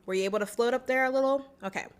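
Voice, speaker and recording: A woman's voice: high-pitched, racing. A young adult woman vocal coach teaching a singing lesson in a chatty, encouraging way, breaking into short sung demo notes.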